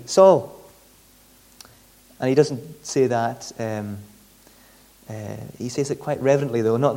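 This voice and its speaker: A man's voice: medium pitch, darkish tone. Guy giving a sermon, chatty, keeps tripping over and repeating his words. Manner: conversational, often repeats words mid-sentence. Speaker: preacher.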